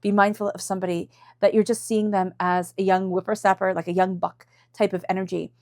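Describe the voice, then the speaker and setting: A woman's voice: mid-range voice, little pitch movement, a little fast, darkish tone, no room sound, clean studio sound. A woman giving an intuitive tarot reading in a chatty, emotional way, full of fillers and asides. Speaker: tarot reader.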